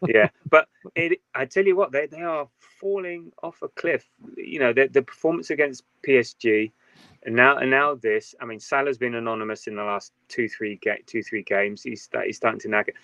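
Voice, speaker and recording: A man talking football in casual podcast chat, animated and sarcastic, often breaking into laughter. His voice is dry and close, with a dull, lo-fi sound. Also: mid-range voice, a little fast, no room sound.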